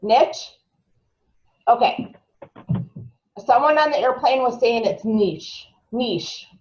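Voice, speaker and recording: A woman's voice: sits high, slow pace. Chatty woman teaching a lo-fi class. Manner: chatty, asks the room questions, stumbles over words. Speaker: marketing trainer. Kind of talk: live training talk to a group. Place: training room with a group.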